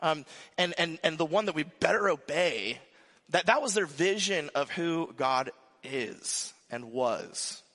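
A man preaching a casual, conversational sermon as pastor, animated and full of restarts and asides. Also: a little high, measured pace. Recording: long hall reverb.

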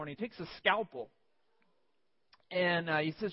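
Male pastor, high-pitched, animated storyteller, muffled sound with long hall reverb. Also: normal speed. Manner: animated, acts out scenes with sudden yelps. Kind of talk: sermon with personal storytelling. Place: church sanctuary.

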